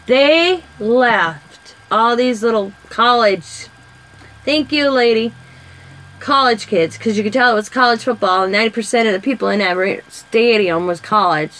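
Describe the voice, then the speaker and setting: Woman, 40s, rambling chatty storyteller, casual craft-vlog talk, slightly high voice. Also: normal speed, a bit bright, low-quality recording. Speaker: craft vlogger. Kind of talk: casual chat while coloring.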